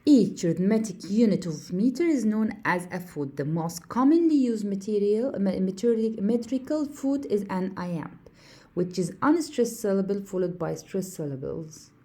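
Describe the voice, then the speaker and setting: Slow, mellow Egyptian woman teaching poetry. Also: medium pitch, lively intonation. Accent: Egyptian Arabic. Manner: repetitive, asks and answers own questions, counts out stresses. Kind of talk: classroom lecture on poetry. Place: classroom.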